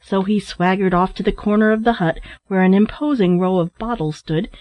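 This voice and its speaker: A woman's voice: mid-range voice, moderate pace, no echo, dull audio. Woman reading a storybook steadily. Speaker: audiobook narrator. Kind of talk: storybook narration.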